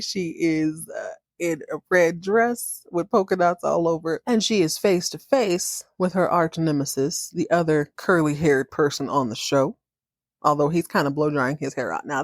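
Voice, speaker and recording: Sassy lady recapping a soap on her podcast, kinda low voice, super dry mic. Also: dry recording. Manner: sassy, playful, slangy, acts out characters in quotes. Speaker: podcast host recapping a TV drama. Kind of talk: casual recap with acted-out quotes.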